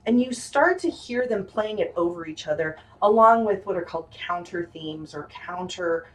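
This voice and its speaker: A woman's voice: on the low side, expressive, normal speed, distant mic, rough recording. A woman giving a casual music lesson, chatty and full of ums and restarts, with playful asides and piano playing between her words. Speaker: music teacher.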